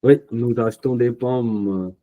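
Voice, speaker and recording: A man with an Indian English accent teaching a French class online, speaking slowly and patiently, thinking aloud and correcting himself. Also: medium pitch, steady tone, warm tone, rough recording. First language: Punjabi. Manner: slow, patient, thinking aloud with many fillers; self-correcting mid-sentence.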